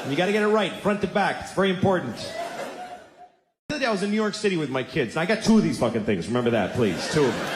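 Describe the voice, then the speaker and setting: Exasperated stand-up comic man, lively pitch. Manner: exasperated, deadpan storytelling with sudden yelled bits. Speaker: stand-up comedian. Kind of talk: stand-up routine. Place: theater stage. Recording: echoey theater with audience noise. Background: audience laughter.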